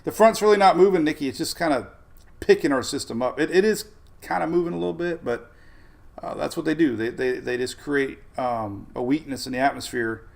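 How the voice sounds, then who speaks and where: Chatting loosely on his live weather stream, a man reads viewer comments and rambles, laughing frequently. His fairly high voice, a little fast, carries vocal fry.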